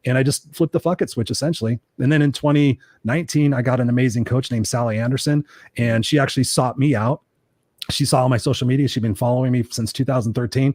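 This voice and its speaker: Fast-talking man telling his story. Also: mid-range voice, no room sound. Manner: fast, animated, swears casually. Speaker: coaching guest. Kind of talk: candid storytelling interview.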